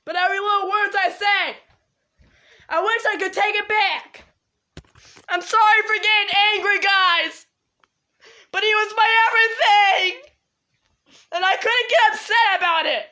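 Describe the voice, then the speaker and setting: Teen girl vlogger, very high and slow, tearful apologetic ramble. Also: steady tone, sharp tone. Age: teens. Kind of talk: emotional monologue to camera.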